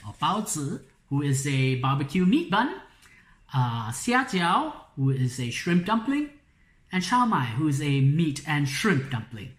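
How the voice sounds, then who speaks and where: A woman author explaining story structure in a live online workshop, in a slow, clear, explanatory way. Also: low-pitched. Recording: echoey room.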